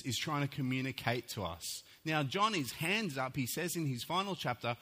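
A man, preaching a sermon and telling a story with acted-out voices. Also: mid-range voice. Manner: animated storytelling, acts out voices. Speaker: pastor.

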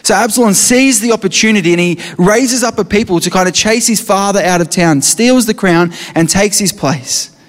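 A man's voice: high voice, normal speed. A man preaching a sermon, earnestly explaining scripture and reading passages aloud. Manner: earnest, reads scripture aloud with rising intensity. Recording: reverberant hall.

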